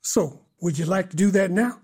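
An actor playing an earnest evangelist in a radio drama, gently persuasive. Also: male voice, sits high, moderate pace, breathy edge. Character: earnest adult male evangelist.

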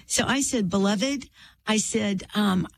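A middle-aged woman, an author and interview guest, tells a personal faith story in an earnest, heartfelt way with drawn-out pauses and a preacherly lilt. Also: mid-range voice, a little hiss or hum.

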